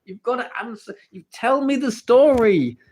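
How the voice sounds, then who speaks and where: A very high-pitched, slightly mellow English male voice with lively intonation speaks at a moderate pace on a phone mic. As host of a casual livestream, he reads the chat and playfully needles viewers, begging for the story.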